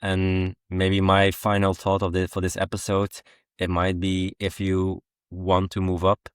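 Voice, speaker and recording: A young Belgian-accented man co-hosting a podcast in a relaxed, easygoing chat, pausing often on ums and uhs. His voice sits very low and stays quite flat in pitch. The recording is dry and close. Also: clean tone, dry recording. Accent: West Flemish. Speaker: podcast co-host. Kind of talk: casual chat.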